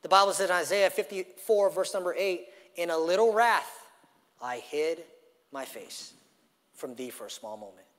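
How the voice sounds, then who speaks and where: A male pastor preaches in a church, his voice somewhat higher than most men's and carrying a long reverb that tails off through the sanctuary. He shifts between emphatic, rising phrases and quiet, drawn-out endings as he tells a story. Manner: dynamic preaching, storytelling with acted quotes, swings from loud to hushed. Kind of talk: sermon.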